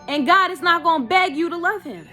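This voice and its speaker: A woman's voice: extremely high pitch, fairly quick, bright, forceful tone, faint music behind. A woman giving an impassioned personal testimony on her vlog, emphatic and preachy, calling out to "y'all". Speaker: vlogger.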